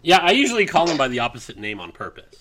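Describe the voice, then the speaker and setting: A man with a bright, forward voice cohosts a relaxed podcast. He teases and jokes, and his pitch swings widely as he talks. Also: very fast, slight background noise. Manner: joking, teasing. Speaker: podcast co-host. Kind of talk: casual chat.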